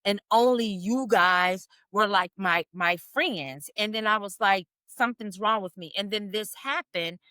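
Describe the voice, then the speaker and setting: A woman's voice: mid-range voice, measured pace, few pauses, pushed and bright, smooth, no echo, studio quality. A woman co-hosting a podcast, talking in an effusive, heartfelt way and repeating herself as she goes. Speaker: podcast co-host. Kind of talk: emotional casual chat.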